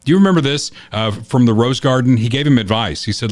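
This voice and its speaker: A man's voice: mid-range voice, fast, no room sound. A man hosting a political talk podcast, emphatic and opinionated in his commentary. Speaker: podcast host.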